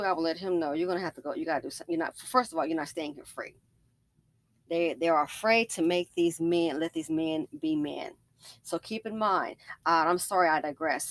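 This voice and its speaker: A woman's voice: on the low side, no room sound. A woman hosting a casual commentary video, telling stories emphatically and often digressing. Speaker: commentary channel host.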